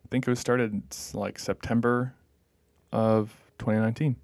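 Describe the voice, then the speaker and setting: A young man who works on parish staff hosts a podcast, chatting casually and hesitantly with lots of "um" and "like." His mid-range voice has little pitch movement, some vocal fry and a slightly mellow quality, at a moderate pace. The recording is dry.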